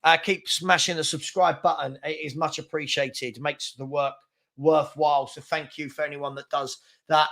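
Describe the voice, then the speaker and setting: Young London man, live-stream host, fast and chatty, bright forward tone. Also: a little high, fairly even intonation. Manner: fast-talking, chatty, reads out names and places. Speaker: football chat host. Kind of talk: live-stream casual chat reading viewer comments.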